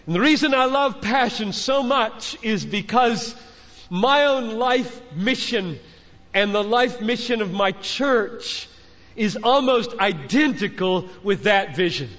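A man's voice: high voice, fairly bright tone. A man preaching a sermon to a large gathering, speaking as a father, with earnest, fatherly exhortation that builds through emphatic repetition. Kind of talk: sermon to a conference crowd. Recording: muffled hall recording with long reverb.

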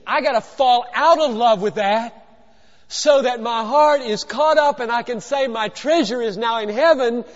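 High-voiced man preaching in an echoing hall. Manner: emphatic, swings from hushed to loud; rhetorical questions and repetition. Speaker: pastor. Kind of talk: sermon. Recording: dull lo-fi recording in a long-reverb hall.

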